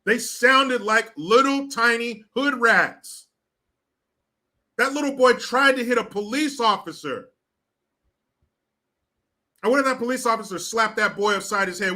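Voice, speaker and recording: A man's voice: very high-pitched, measured pace, long pauses, pushed and bright. A man delivering blunt, profane, indignant commentary to the camera. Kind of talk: ranting commentary.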